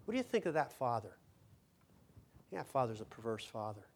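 A man's voice: medium pitch, very animated, normal speed, a little mellow. A man preaching a sermon as pastor, emphatic, repeating words and asking the congregation questions. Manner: emphatic, repeats words when stressing a point.

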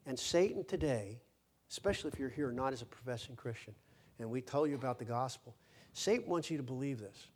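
A man's voice: mid-range voice, animated, brisk, darkish tone, slightly rough. A man preaching a sermon as pastor, emphatic, repeating words and asking the congregation questions. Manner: emphatic, repeats words when stressing a point.

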